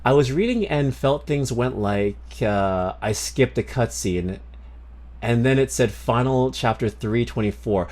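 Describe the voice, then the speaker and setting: A man's voice: medium pitch, unhurried, a little mellow. A man streaming, chatting casually with viewers in a rambling way, swearing freely. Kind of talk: casual livestream chat.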